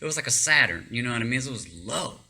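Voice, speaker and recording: A man telling a personal story in a casual, animated way, rambling, restarting often and breaking into laughs. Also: medium pitch, rapid-fire, slightly rough. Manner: rambling with many fillers and restarts.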